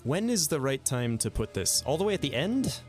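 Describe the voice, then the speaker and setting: A man giving live gameplay commentary, thinking aloud in a relaxed way with some mild swearing. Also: on the high side, brisk, soft background music. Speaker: game streamer.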